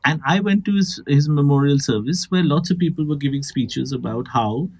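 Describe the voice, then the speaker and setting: A man with a fairly high voice hosts a comedy podcast. He tells long, winding anecdotes in a lively, chatty way, and often breaks off mid-sentence to add a detail. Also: moderate pace. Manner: animated, rambling anecdotal storytelling. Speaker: podcast host. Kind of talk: casual comedic chat.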